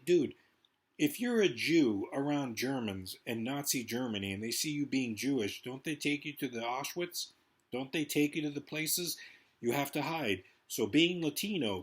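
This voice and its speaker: Husky man ranting fast. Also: mid-range voice, lively intonation. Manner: rambling, profane, fast-talking. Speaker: vlogger. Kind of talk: ranting political monologue.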